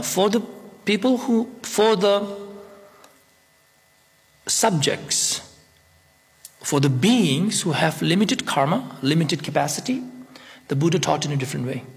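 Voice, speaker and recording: A man's voice: a little high, big-room sound. A man whose first language is Tibetan gives a spontaneous Buddhist talk in English, playful and acting out little scenes. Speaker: Buddhist teacher.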